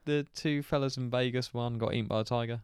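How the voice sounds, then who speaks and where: Man, podcast co-host, chatty, mock-exasperated, smooth clear voice, dry close sound. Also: medium pitch, fairly even intonation, fast, a little mellow, dry recording. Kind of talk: casual banter.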